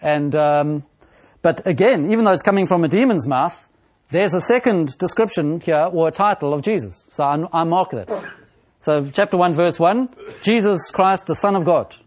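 A male preacher giving an expository sermon, speaking slowly and deliberately with frequent pauses and fillers, and quoting scripture in a raised, animated voice. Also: on the high side.

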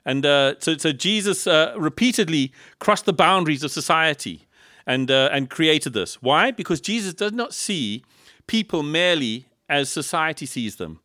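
A man from Africa, preaching a sermon in a lively style full of rhetorical questions and humorous asides. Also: a little high, normal speed, no echo, studio quality. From South Africa. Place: church in Liverpool.

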